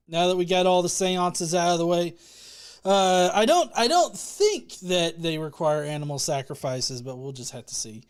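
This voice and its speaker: A high-pitched man with a clear, resonant tone talks at a moderate pace while hosting a casual livestream. He reads viewer comments, offers thanks, and rambles with restarts, joking and swearing along the way.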